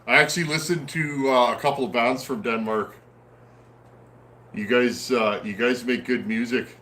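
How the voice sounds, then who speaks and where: A man hosting a live video stream, greeting viewers one by one as their comments come in. He talks in a relaxed, friendly way, with plenty of "um" and "uh" pauses. His voice sits at an ordinary middle pitch for a man. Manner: friendly and easygoing, frequent "um" and "uh" pauses. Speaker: host of a livestream on chainsaw repair. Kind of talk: casual live chat, reading viewer comments aloud. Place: at home in a snowy area.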